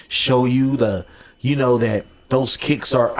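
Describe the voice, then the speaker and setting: A man co-hosting a podcast in casual chat, animated and acting out little exchanges as he talks. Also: medium pitch, takes it slowly. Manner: animated, acts out quoted texts and arguments. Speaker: podcast co-host. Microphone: desk USB microphone.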